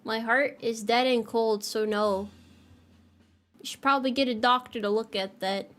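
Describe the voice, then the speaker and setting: A woman's voice: a little high, fairly even intonation, normal speed, a bit bright. A woman with an American accent streaming casual chat, giggly and self-mocking as she reads chat aloud. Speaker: livestreamer.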